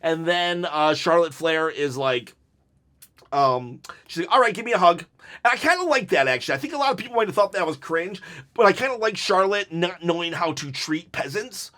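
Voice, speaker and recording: A man with a fairly high voice chatters through a casual solo wrestling review at normal speed, jittery from caffeine. He rambles loosely and excitably, never scripted, with jokey asides and bursts of laughter.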